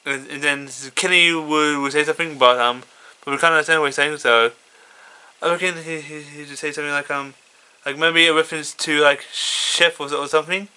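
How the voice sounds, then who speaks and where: A man reading his own fan story aloud in a casual way, halting and stuttering with plenty of fillers. His voice is very bright and clear, pitched a bit high for a man. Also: fairly even intonation. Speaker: fan fiction reader.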